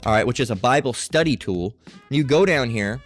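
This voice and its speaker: A man's voice: medium pitch, expressive, moderate pace, faint music behind. Emphatic man teaching a Bible study. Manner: emphatic, keeps checking in with "all right?" and "okay?". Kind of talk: screen-share Bible study lesson.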